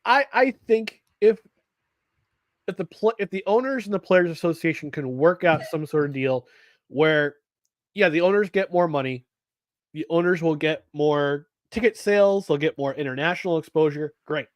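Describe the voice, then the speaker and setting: A man's voice: on the high side, normal speed, no echo. A man co-hosting a live sports talk show, rambling with restarts and reading viewer comments aloud. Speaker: podcast co-host.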